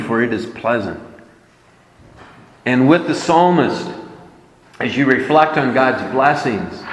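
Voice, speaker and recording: Man preaching slow, voice going up and down a lot, emphatic, big roomy echo. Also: medium pitch. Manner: emphatic, repeating key words. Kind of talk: sermon.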